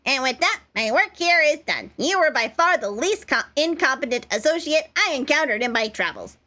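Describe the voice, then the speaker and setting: A woman voicing a haughty, fussy gentleman detective in a game, speaking in a pompous, formal way. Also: high voice, big pitch swings, normal speed, pitched above the performer's own voice, exaggerated voice.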